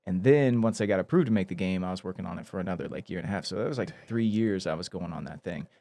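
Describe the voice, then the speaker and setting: A man, a guest actor, chatting casually on a podcast and telling lively stories about his work. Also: low voice, very fast. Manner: animated storyteller, slips into character voices.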